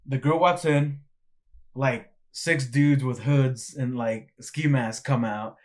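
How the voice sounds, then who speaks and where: A man's voice: mid-range voice, fairly even intonation, measured pace, a little mellow. A young man co-hosting a podcast, retelling a video in a rambling, casual way full of restarts. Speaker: podcast co-host. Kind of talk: casual chat.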